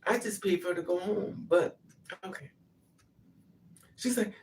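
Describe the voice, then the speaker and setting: Unhurried and lowish in pitch, a woman recounts something from her life in a casual monologue. She gets animated, performing the quotes of others, on a recording made with a distant mic and faint noise.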